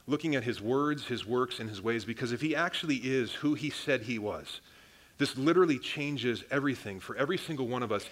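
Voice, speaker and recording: A man's voice: mid-range voice, a bit bright. A young man, a pastor, preaching a sermon in a casual, conversational way, often calling the congregation "guys" and restarting his sentences.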